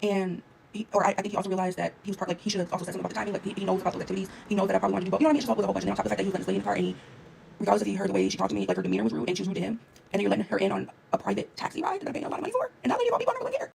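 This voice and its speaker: A young woman vlogger telling a story to her viewers in a fast, animated, casual rant. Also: mid-range voice, vocal fry, noisy background. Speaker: travel vlogger.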